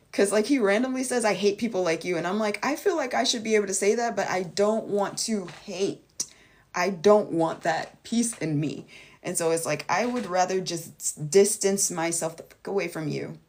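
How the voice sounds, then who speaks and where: A woman talking to her viewers in a casual spoken monologue as a vlogger and life coach, blunt and emphatic, swearing freely and acting out quoted voices. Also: darkish tone. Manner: acts out quoted voices with big jumps in pitch.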